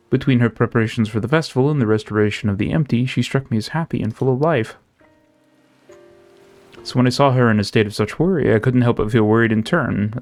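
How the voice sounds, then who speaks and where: A man voicing a gentle, devoted woman of a city in a game, reading her lines in formal, old-fashioned phrasing. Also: medium pitch, natural voice. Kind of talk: reading game dialogue aloud.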